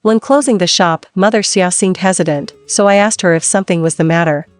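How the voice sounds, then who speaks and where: Woman reading a story out, calm and steady, lowish voice, soft music under it. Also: fairly quick, dry recording. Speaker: narrator. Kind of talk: scripted first-person story narration.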